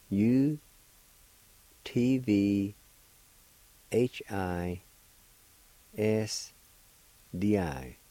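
A man hosting a radio language lesson, spelling out words letter by letter and repeating each pronunciation slowly and deliberately. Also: on the low side, warm tone, no room sound, low-quality recording. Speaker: radio host teaching vocabulary.

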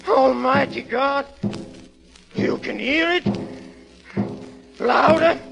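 A nervous, stammering killer on an old radio drama, his voice pitched high and his words drawn out slowly. He giggles and pleads, barely holding himself together, with faint music playing behind him. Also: lively intonation, rough recording. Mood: frantic, screaming. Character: guilt-crazed middle-aged man, nervous, unravelling murderer. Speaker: guest actor. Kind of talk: 1940s radio drama monologue.

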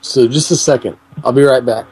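A man making a prank phone call, rambling and crude in a deadpan way. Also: mid-range voice, a little fast, a little hiss or hum. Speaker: prank caller.

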